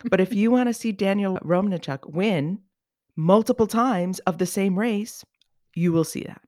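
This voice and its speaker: A podcast co-host chatting casually, wry and animated, exaggerating for comic effect. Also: medium pitch, moderate pace, no echo, studio quality. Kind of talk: casual chat.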